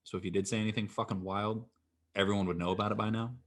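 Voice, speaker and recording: A young man with a low, deep voice hosts a loose chat show. He talks in an easygoing way, swears freely and laughs often. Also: steady tone, fast talker. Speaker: podcast host. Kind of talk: casual chat.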